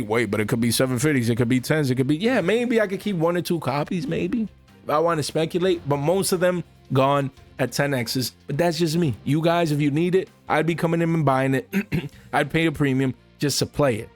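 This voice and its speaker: A man giving casual, animated commentary on the card market to his viewers, full of slang and asides to "guys". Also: on the high side, brisk, faint music behind.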